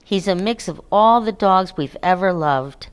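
An eager, adventurous young girl, as a woman reading aloud puts her on, bright and hopeful, quick to reassure. The voice sits fairly low for a woman, in a storybook read-aloud. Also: animated, clean tone.

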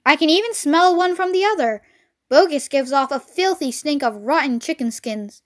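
A woman's voice: sits high, normal speed, close to an everyday voice. A woman voicing a clever, cocky male fox who is a caring father, in a read-along storybook. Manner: cheerful, cocky and affectionate.

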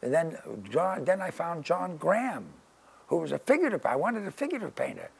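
A man's voice: a little high, big pitch swings, fairly quick, vocal fry, slightly rough. An older man telling rambling stories in an interview in his studio, peppering his talk with "you know" and "you see". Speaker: interviewee, painter. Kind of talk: casual anecdotal storytelling.

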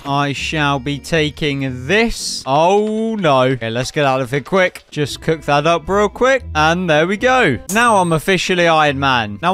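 An excitable man talks through his own game run, joking with the creatures and villagers he meets. His voice sits a little higher than most men's. Soft background music plays faintly underneath. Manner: chatty, excitable, jokey asides to the game. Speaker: gaming YouTuber. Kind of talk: playful gameplay commentary.

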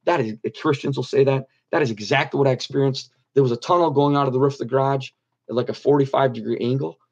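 A man's voice: mid-range voice, fast talker, muffled recording. A middle-aged man earnestly telling a personal story as an interview guest, repeating phrases for emphasis. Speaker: guest telling his near-death story.

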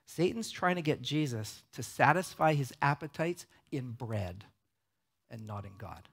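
A male pastor delivering a conversational sermon in a cinema auditorium, often checking in with the audience with a quick "right?". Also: mid-range voice, animated, gravelly, fairly bright tone.

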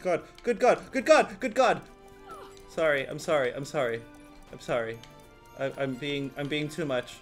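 A man giving rambling, swearing, excitable commentary while playing a video game. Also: fairly high pitch, normal speed, faint music behind. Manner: rambling, excitable, swears often, laughs a lot. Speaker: gaming video host. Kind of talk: let's play commentary.

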